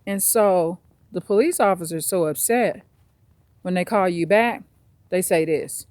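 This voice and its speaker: A woman's voice: on the low side, measured pace, a little mellow, dry recording. A woman vlogging on a walk outdoors, ranting bluntly with plenty of cursing. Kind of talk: casual vlog monologue.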